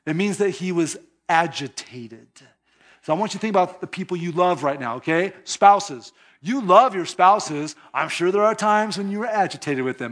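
A pastor preaching a sermon to his congregation in an animated, conversational way, chuckling as he talks. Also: high voice, moderate pace.

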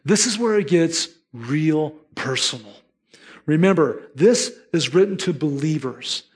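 A man's voice: a little high, expressive, a little slow, slightly rough. A pastor preaching a sermon with earnest emphasis, acting out the thoughts of his listeners in their own words. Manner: earnest, emphatic, acts out listeners' inner voices.

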